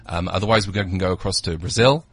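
A British man in his thirties is a guest in a radio studio, pitching holiday resorts with eager, sales-driven enthusiasm. He speaks quickly in a low register and scatters ums through his lists of places. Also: breathy edge. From United Kingdom. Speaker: travel company representative, radio guest. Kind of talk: radio interview.

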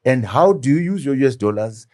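A middle-aged Zimbabwean man who once served as deputy prime minister speaks as a guest in an animated political interview. His medium-pitched voice has a darkish tone, lively intonation and a fairly quick pace, and he is emphatic and fond of rhetorical questions.

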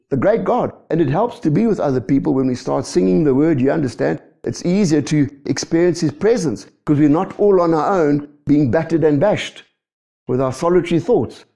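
Brief: a male preacher, dark and husky voice, lively swings in pitch, checking in with the room. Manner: animated, asks rhetorical questions. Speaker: pastor. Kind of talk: sermon.

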